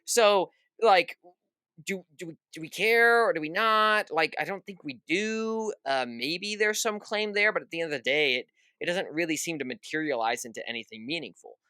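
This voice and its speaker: A young male podcast co-host chats casually about a film, acting out quoted reactions and saying "at the end of the day" a lot. His voice is a little high and sharp, at normal speed, recorded cleanly with no room sound.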